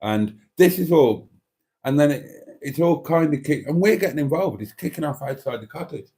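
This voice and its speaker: A man's voice: a little high, animated, normal speed, warm tone. A man hosts a casual livestream, chatting and rambling with many ums and restarts as he reads out viewer comments. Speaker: YouTube channel host.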